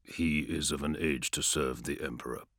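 A man's voice: no echo, clean studio sound, heavily acted. A man voicing a towering male assassin in golden armour, speaking in a cold, resonant, emotionless way in an audiobook. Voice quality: very deep, resonant, flat. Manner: cold, measured, without emotion. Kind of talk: audiobook character voice.

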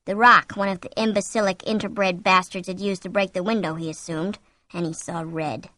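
A woman narrating a story aloud in steady scripted narration, slowing down at tense moments. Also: on the low side, no echo. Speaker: audiobook narrator.

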